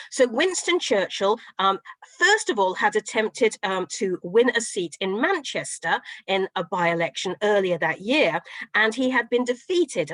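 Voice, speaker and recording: A middle-aged woman professor giving an online history lecture, telling it as a lively story with frequent fillers. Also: medium pitch, no room sound, rough recording. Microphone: video call.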